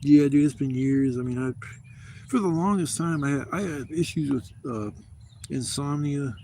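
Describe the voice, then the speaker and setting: A man's voice: on the high side, normal speed, warm tone, slight background noise. A man in his fifties telling rambling, profane stories in a casual vlog from a campsite. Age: 50s. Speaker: camping vlogger. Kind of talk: casual storytelling to camera. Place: outdoors at a campsite.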